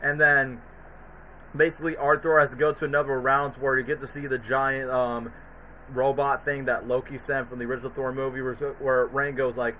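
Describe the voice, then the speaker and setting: Excited guy gushing about cartoons, bright tense voice, bit of hiss behind. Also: mid-range voice, poor audio. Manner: excitable, mimics characters in quick bursts. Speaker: stream co-host. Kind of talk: casual chat, retelling cartoon parody scenes.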